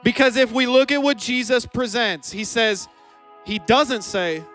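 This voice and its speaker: A man preaching a lively youth sermon in a church hall, joking with the audience and acting out both sides of a scene. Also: very high voice, moderate pace, faint music behind. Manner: playful, jokes with the crowd, acts out both sides of a scene. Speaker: youth pastor.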